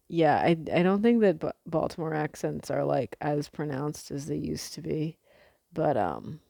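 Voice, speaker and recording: A young woman from the United States rambles through a casual vlog, with lots of fillers and offhand swearing. Her voice sits low and has a gravelly edge. The sound is dry and close. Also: no echo. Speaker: vlogger.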